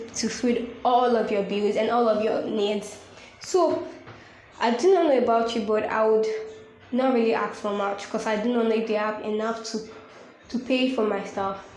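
With a fairly high voice and a darkish tone, this devotional podcast host talks earnestly, circling back over her points like a preacher. Faint ambient noise and room echo are audible.

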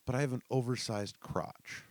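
A man's voice: mid-range voice, fairly even intonation, normal speed, no room sound, voice pushed up, natural voice. A man voicing an awkward, earnest young woman phoning customer service, his voice raised a little above his own.

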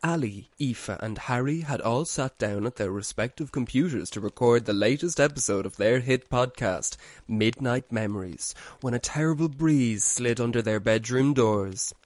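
Man, mid-pitch, measured spooky storybook narrator. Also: dry recording.

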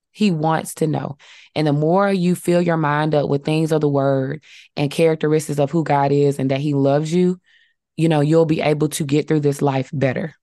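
Low-voiced earnest woman, dry sound. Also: a little mellow, dry recording. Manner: earnest, reflective, many fillers. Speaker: podcast co-host. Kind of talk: casual faith podcast chat.

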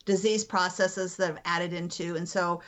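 A woman nurse and doula answering interview questions thoughtfully, pausing often with fillers. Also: fairly low pitch, steady tone. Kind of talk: casual podcast interview.

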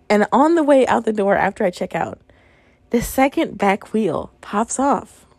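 A woman's voice: fairly high pitch, expressive, measured pace, darkish tone, dry recording. A young woman in her twenties hosting a solo podcast, telling her own stories in a frank, exasperated way and often breaking into laughter. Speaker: podcast host. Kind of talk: casual monologue.

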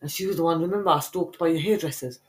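A woman's voice: lowish voice, rapid-fire. A young woman, co-hosting a podcast in casual banter, brash and playful, swearing constantly and trading insults in slangy street talk. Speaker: podcast co-host.

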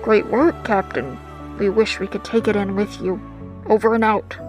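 A woman voicing a calm, polite mission control crew member in a children's audio story. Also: medium pitch, normal speed, over music, lightly acted.

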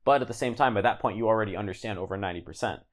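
His lowish voice goes very fast as he chats casually on a podcast as a guest. A language learner, he explains at length, rambling with many restarts, fillers and "like"s.

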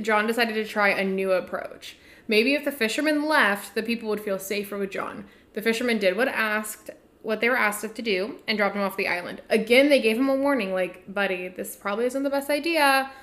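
A woman's voice: mid-range voice, fairly bright tone. A woman podcast host from the United States, telling a story in a casual, irreverent way with offhand swearing.

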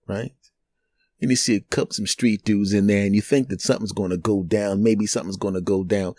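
A middle-aged man, a podcast host and comedian, telling a story in an animated, chatty way with chuckling asides. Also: low voice, quick pace, no room sound. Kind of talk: storytelling monologue.

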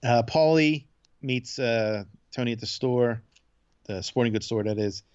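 A man co-hosting a podcast, casually retelling a TV episode in a loose, laid-back way and tossing in quick character voices. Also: mid-range voice, a little mellow, clear, resonant tone, muffled recording. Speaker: podcast co-host. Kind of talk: casual chat recapping a TV episode.

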